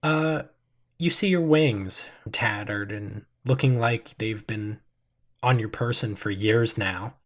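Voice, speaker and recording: A man narrating as game master of a tabletop game in a slow, measured storytelling manner. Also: lowish voice.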